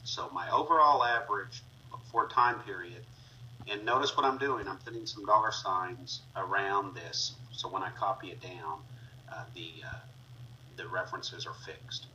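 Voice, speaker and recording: A man with a lowish, very bright voice walks through a spreadsheet lesson step by step, filling pauses with "uh" as he clicks. He sounds a little distant from the mic, with faint noise and keyboard typing behind him. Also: muffled recording. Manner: talks through steps as he clicks, with fillers. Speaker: instructor. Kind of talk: screen-recorded spreadsheet tutorial.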